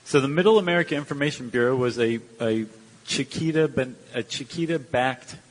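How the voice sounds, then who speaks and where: A man co-hosting a live podcast, joking and chatty with quick asides. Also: medium pitch, in a large hall, poor audio. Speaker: podcast co-host. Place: large live venue with audience.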